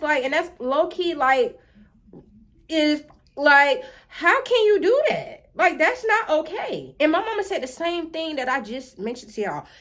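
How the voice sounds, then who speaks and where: Woman vlogger, storytime, animated, addresses viewers directly, fairly high voice. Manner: animated, talks straight to viewers as y'all. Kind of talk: storytime vlog.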